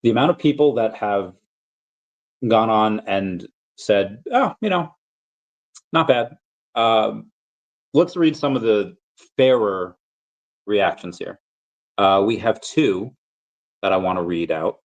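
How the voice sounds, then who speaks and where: A man's voice: on the low side, takes it slowly, long pauses, dull audio. A man hosting a casual stream, telling stories in a rambling way with frequent restarts and fillers. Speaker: crypto collectibles vlogger. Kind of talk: casual livestream chat.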